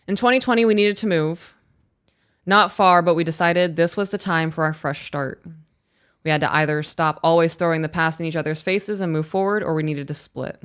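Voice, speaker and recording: Low-voiced frank woman reading emails. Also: moderate pace, clean tone. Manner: blunt, frank, swears casually. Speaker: podcast host reading listener emails. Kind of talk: casual live-stream email reading.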